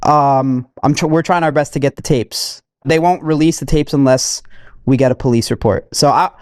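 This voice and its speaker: A young man talking casually on a podcast in a halting, repetitive way, restarting his sentences often. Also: mid-range voice, a little mellow, no room sound, clean studio sound. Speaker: podcast guest.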